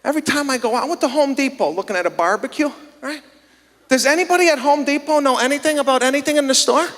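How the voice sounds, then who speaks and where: A man's voice: extremely high pitch, quick pace, a bit bright, a little hiss or hum. A man doing a stand-up set on a theater stage before a live audience, telling indignant, exasperated stories and acting out the dialogue on a handheld mic. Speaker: stand-up comedian. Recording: long theater reverb.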